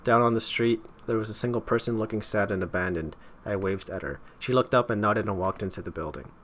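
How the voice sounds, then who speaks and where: Low-voiced man with wry, stumbling asides. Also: brisk, fairly bright tone, slight background noise. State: strained throat. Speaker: gaming YouTuber. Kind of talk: casual let's-play commentary and narration.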